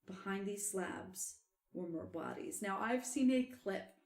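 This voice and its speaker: A woman's voice: medium pitch, a little slow, echoey room. Chatty woman podcast host telling a tale. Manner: animated, laughs often, trails off and restarts. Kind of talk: casual storytelling chat.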